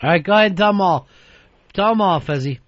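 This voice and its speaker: A man's voice: high-pitched, animated, fast, fairly bright tone, no echo, dull audio. A man hosting a radio talk show who rants in a profane, mock-exasperated way.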